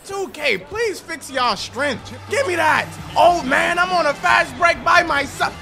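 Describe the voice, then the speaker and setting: A young man giving loud gameplay commentary, hyped and ranting, trash-talking the opponent as he plays. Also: very high-pitched, lively intonation, a little slow, creaky. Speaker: gaming YouTuber. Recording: game music playing behind.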